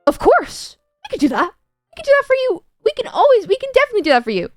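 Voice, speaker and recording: A woman's voice: very high voice, huge pitch swings, fast, no echo, clean studio sound, soft background music, pitched above the performer's own voice, exaggerated voice. A woman imitating a friendly middle-aged salon receptionist on the phone, sweet and eager.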